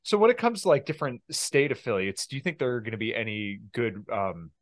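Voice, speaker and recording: A man hosting a podcast, talking in a laid-back, halting way with many fillers. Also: medium pitch, big pitch swings, no echo, clean studio sound. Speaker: podcast host. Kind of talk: casual podcast interview.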